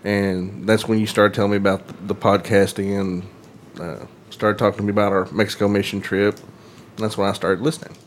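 A male guest speaking in a casual group chat, relaxed and a little hesitant. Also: on the low side, a little fast, a little hiss or hum. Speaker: guest listener.

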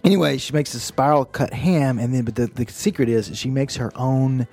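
A man's voice: mid-range voice, moderate pace, a little mellow, faint music behind. A man co-hosting a podcast with a stuffy, nasal voice from a cold, chatting and joking casually. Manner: joking, rambling, laughs often. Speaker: podcast co-host.

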